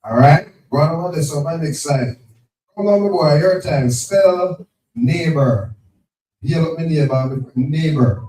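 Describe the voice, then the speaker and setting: A man, hosting a live spelling game at an event, brisk and teasing, repeating each word. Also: on the high side, warm tone. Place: event venue with crowd. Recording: echoey, distant from the mic.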